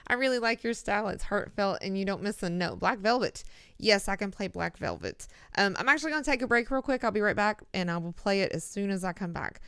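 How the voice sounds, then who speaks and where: A woman's voice: mid-range voice, animated, quick pace, a bit bright, smooth, no echo, clean studio sound. A woman chatting casually with viewers on a late-night music stream, a little out of breath. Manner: chatty, reads chat and takes song requests. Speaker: livestream musician. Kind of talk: casual live-stream chat.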